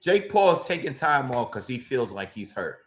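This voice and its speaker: A man's voice: mid-range voice, big pitch swings, moderate pace. A man doing live reaction commentary on a boxing fight, exasperated and ranting, with frequent exclamations.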